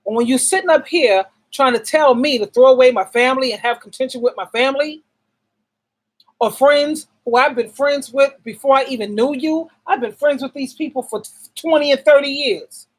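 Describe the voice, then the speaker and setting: A woman's voice: high voice, moderate pace, low-quality recording. A middle-aged woman hosting an advice channel, talking casually and bluntly, asking herself rhetorical questions and repeating words for stress. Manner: emphatic, asks rhetorical questions and answers them herself. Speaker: relationship advice channel host. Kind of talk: casual advice monologue to camera.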